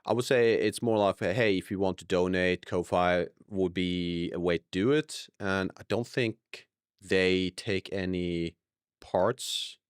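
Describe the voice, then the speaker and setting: A man's voice: lowish voice, clear, resonant tone, no echo, clean studio sound. A young man streaming live, chatting casually to viewers, rambling and correcting himself as he goes, laughing often.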